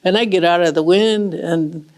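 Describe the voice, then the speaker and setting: A woman's voice: fairly low pitch, normal speed, darkish tone, clear, resonant tone, close to an everyday voice. A woman voicing a patient bird who explains plainly how birds live, in a told tale. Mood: explaining.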